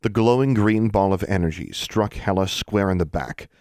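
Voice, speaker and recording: A man with a lowish voice narrates an audiobook from a script, reading in an even, measured way. The studio sound is clean, with no room sound.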